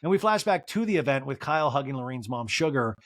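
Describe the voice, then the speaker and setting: A woman hosting a podcast, recapping a TV episode in rapid, chatty comedic talk full of fillers. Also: rumbling low, lively intonation, no echo. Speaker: podcast host.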